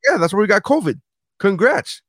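A man's voice: high-pitched, sing-song, fairly quick, fairly bright tone, no echo, clean studio sound. A man bantering casually as a podcast co-host, teasing and swearing freely. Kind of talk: casual chat.

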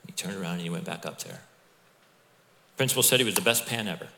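Conversational preacher in a reverberant hall. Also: male voice, deep voice, fast talker, gravelly, background noise. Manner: conversational storytelling preacher, animated with asides. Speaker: pastor. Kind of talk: sermon.

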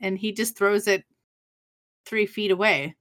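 A woman's voice: mid-range voice, steady tone, measured pace, fairly bright tone, dry recording. A woman talks plainly and bluntly as a podcast co-host. She swears freely and backs up her partner with dry, short agreements. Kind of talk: casual chat recapping a TV episode.

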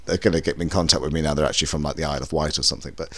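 A man's voice: rumbling low, fairly even intonation, rapid-fire, no room sound. A man co-hosting a podcast, telling stories in a chatty, rambling way with many restarts. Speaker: podcast co-host. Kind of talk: casual chat.

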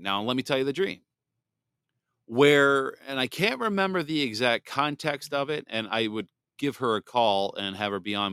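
A man's voice: mid-range voice, pushed and bright, clean tone, no room sound, clean studio sound. A man in his thirties hosting a podcast, telling a personal faith testimony in a candid, rambling way with many restarts. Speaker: podcast host.

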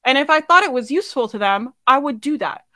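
A woman's voice: sits high, lively intonation, fast talker, pushed and bright, no room sound. A woman business coach giving a live sales training, blunt and swearing casually, asking her audience questions and laughing often.

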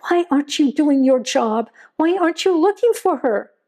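A woman's voice: normal speed, mellow, lightly acted. A woman voicing a distraught young mother, breathless and strained with fear for her missing child. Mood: frantic. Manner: breathless, pleading, rising to shrill.

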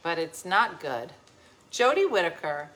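A woman's voice: fairly low pitch, a little slow, very noisy. A woman from New Jersey, a little tipsy, telling a story in casual chat and acting out the voices of the people in it. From New Jersey, USA. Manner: animated, laughing storyteller acting out quoted voices.

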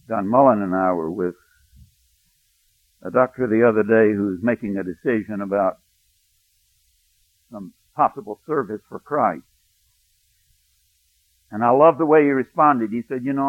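A male pastor preaching a sermon, telling a personal story, hushed in tender moments and rising to emphatic preaching. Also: lowish voice, dry recording. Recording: dry, thin phone-like sound.

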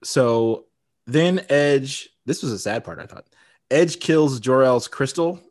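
Lively, animated podcast guy. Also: medium pitch, slow pace. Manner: laughs often, animated and talkative. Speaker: podcast co-host. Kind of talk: casual chat.

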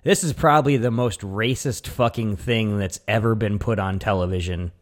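Male co-host, low-pitched, profane and animated, riffing in casual banter. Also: moderate pace. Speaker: podcast co-host. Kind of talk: casual comedic chat.

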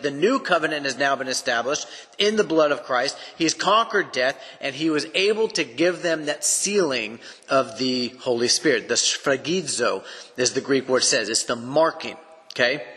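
Bright-voiced East Texas man teaching scripture. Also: medium pitch. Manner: earnest, emphatic, explains step by step. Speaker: Bible teacher. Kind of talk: expository Bible teaching. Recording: long echoing reverb.

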